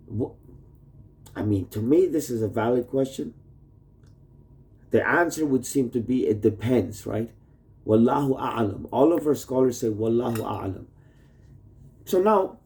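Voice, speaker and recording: In his messy rented room, a man rambles into a phone plugged in nearby, making a casual video message for his wife, swearing heavily and hopping between topics. His medium-pitched voice has a dark tone and sounds animated, moving a little slowly with frequent pauses.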